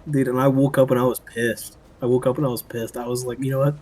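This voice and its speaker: A man's voice: medium pitch, level tone, fast, darkish tone. A young man streaming a game, casually telling a story about a strange dream, rambling with lots of fillers and swearing. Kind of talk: casual storytelling while gaming.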